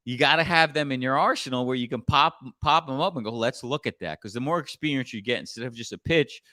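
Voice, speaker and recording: Blunt animated middle-aged man. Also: mid-range voice, fast, no room sound, clean studio sound. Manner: blunt, animated storytelling with profanity. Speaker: sales coach and podcast host. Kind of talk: casual podcast chat.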